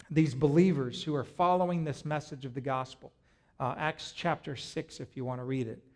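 A man preaching a sermon, retelling a story in a lively way and often stopping to restart his words. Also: fairly high pitch. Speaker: pastor.

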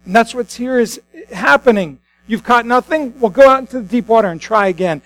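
A man's voice: very high-pitched, fairly quick, a bit bright, dry recording, low-quality recording. A man, a pastor, preaching a sermon in a conversational storytelling way with frequent restarts.

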